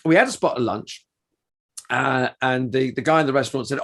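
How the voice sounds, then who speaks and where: A man's voice: medium pitch, a little fast. A middle-aged man, a podcast co-host, telling anecdotes in casual chat with many restarts. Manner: animated storytelling with restarts. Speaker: podcast co-host and touring performer.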